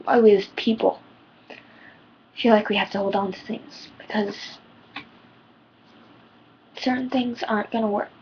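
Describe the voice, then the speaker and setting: A woman's voice: mid-range voice, steady tone, unhurried, long pauses, highs cut off, slight background noise. A teenage girl giving personal advice in a rambling, heartfelt vlog, her voice shaking near tears. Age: teens. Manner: rambling, heartfelt, many ums. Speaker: vlogger.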